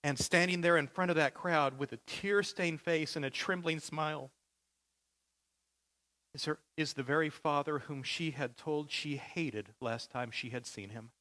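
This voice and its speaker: A man's voice: fairly high pitch, measured pace, pushed and bright. A male pastor preaching a sermon with vivid, dramatic storytelling.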